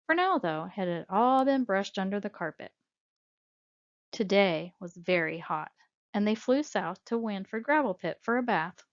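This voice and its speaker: A woman narrating a storybook in a measured, expressive way, her voice sitting at a middling pitch. The recording has a dull, lo-fi sound. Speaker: audiobook narrator.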